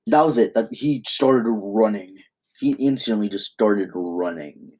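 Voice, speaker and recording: A man's voice: on the low side, measured pace, darkish tone. A young man casually improvising a fan story, rambling and often interrupting himself. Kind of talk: improvised fan-fiction narration.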